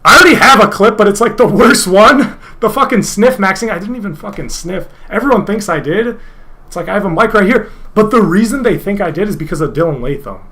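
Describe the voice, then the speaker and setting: A young man talking on a casual livestream, his voice pitched high and bright. He rambles freely, swears constantly and now and then breaks into loud, exasperated outbursts. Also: animated, brisk. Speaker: streamer.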